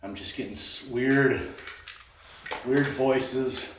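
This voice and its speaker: A man hosting a ghost hunt, calmly asking questions of spirits inside a large abandoned hospital. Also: medium pitch. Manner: calm, questioning, talks slowly to the unseen. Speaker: paranormal investigator host. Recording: echoey empty building, faint noise.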